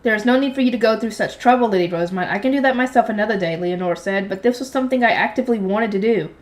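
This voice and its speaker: A woman's voice: mid-range voice, rapid-fire. A young woman reading a light novel aloud, lightly voicing the characters and breaking off for offhand slangy asides. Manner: reads character voices lightly, drops into offhand slangy commentary.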